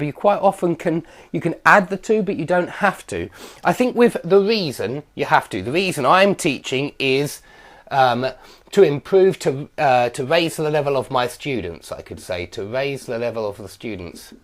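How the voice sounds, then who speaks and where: A man teaching an English grammar lesson, explaining patiently with fillers and self-corrections, saying example sentences slowly and clearly. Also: a little high.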